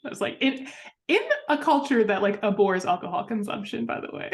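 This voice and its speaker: Woman co-host, casual storytelling podcast chat, playful, mid-pitched. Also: brisk. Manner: storytelling, playful, jumps into quoted voices.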